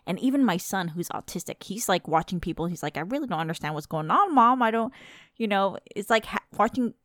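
A woman in her thirties hosting a podcast, ranting in a casual, exasperated and profane way, with sharp emphatic bursts. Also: mid-range voice, lively intonation, fairly quick, dry recording, clean studio sound. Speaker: podcast host. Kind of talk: casual rant.

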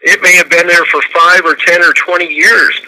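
Radio guy with a slightly high, really bright voice, explains things step by step. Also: level tone, normal speed, rough recording. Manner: explains step by step, counting out loud. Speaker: radio show co-host. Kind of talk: instructional radio talk.

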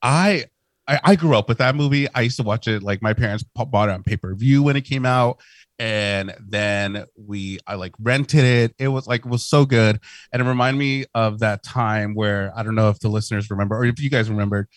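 A man chatting casually on a podcast, excitable and swearing freely as he talks about movies. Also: fairly low pitch, a little fast, dry recording. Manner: excitable, swears freely, laughs through his talk. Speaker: podcast co-host.

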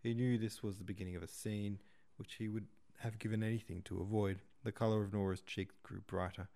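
A man narrating a classic novel as a podcast host, in a steady, measured reading. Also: on the low side, vocal fry. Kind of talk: audiobook narration.

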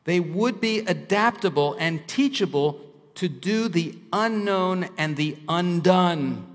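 A male preacher delivering a sermon, leaning hard on each key line. His voice sits a little above the usual pitch. A long reverb trails his words through a large hall. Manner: emphatic, slows down to stress key lines.

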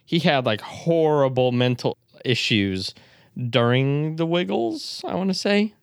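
A man's voice: fairly high pitch, lively intonation, measured pace, creaky, smooth, no room sound, clean studio sound. A man co-hosting a podcast in casual chat, rambling and laughing often. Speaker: podcast co-host.

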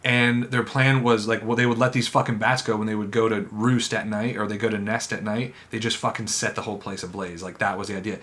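A man chatting casually on a podcast, telling animated stories with plenty of swearing and laughter. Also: on the low side, a little fast, hardly any pauses. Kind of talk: casual chat.

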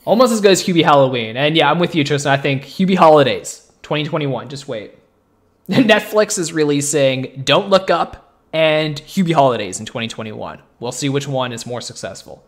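A man co-hosts a casual pop-culture-style chat show. His voice sits a bit high for a man, and he rambles along with jokey asides and easy banter. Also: expressive. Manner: joking, rambling, quick asides. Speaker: podcast co-host.

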